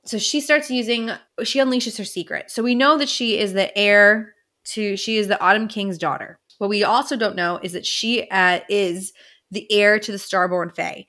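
A woman's voice: medium pitch, steady tone, moderate pace, bright, forceful tone. A woman co-hosting a book podcast, retelling plot scenes in a casual, emotional way. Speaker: podcast co-host.

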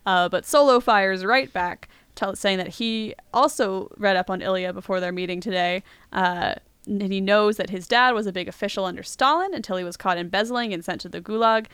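A woman podcast host recaps a film scene by scene, chatty and quick to laugh. Her voice is smooth and resonant, and it sounds dry and close, with no room around it. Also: mid-range voice, a bit bright, no echo. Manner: chatty retelling with frequent laughs. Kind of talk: casual movie recap.

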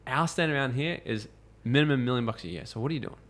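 A man, a podcast guest telling lively stories in casual conversation, acting out quotes and swearing freely. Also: medium pitch, fast. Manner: animated storyteller, acts out quotes, swears freely.

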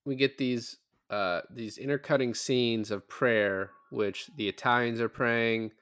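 A man's voice: mid-range voice, fairly even intonation, a little slow, fairly bright tone, smooth, no echo. A man co-hosting a podcast, chatting casually through a film review with dry, sarcastic humor. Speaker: podcast co-host.

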